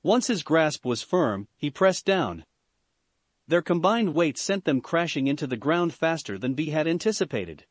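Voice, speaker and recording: A man reading a fan story aloud in a steady, expressive storytelling manner. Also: fairly high pitch, unhurried, no echo. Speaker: fan fiction narrator.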